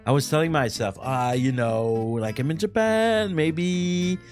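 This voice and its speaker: A man with a French accent, chatting as a stream guest in an animated way with frequent vocal fry. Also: on the high side, unhurried, soft background music. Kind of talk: casual chat.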